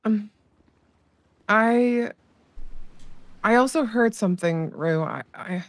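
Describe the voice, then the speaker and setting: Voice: medium pitch, slow, no room sound. A player chatting in character during a roleplay, gossipy and hesitant with casual swearing.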